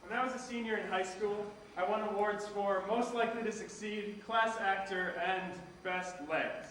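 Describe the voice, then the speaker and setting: Actor, self-mocking monologue, high for a man, distant and echoey. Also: steady tone, normal speed, close to an everyday voice. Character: self-critical young performer. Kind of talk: stage monologue. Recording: echoey stage recording from far off with noise.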